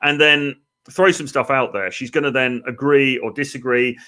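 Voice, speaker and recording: A man's voice: mid-range voice, steady tone, moderate pace, bright, forceful tone. An English man giving dating advice in a casual, chatty live stream, with lots of fillers. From England. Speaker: dating coach. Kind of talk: live-stream coaching talk.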